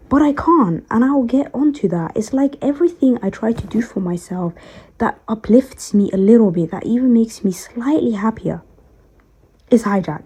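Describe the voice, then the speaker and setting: Tired woman venting about her coworkers, kinda husky, stops to breathe and calm down. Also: a little high. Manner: weary, frustrated, pausing to calm herself. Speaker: storytime vlogger. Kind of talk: emotional personal vent.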